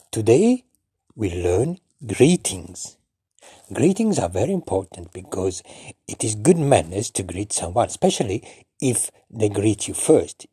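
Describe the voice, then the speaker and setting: A man's voice: fairly low pitch, dark tone, slightly rough, dry recording, clean studio sound. A man from Italy, giving an informal lesson and animatedly acting out greetings with exaggerated exclamations. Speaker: language teacher.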